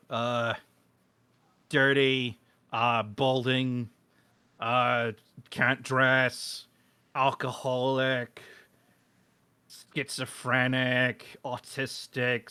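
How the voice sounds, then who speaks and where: A man's voice: medium pitch, sharp tone, smooth, no echo. A man with a British accent chatting casually on a live stream, rambling and self-mocking with crude jokes. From Britain.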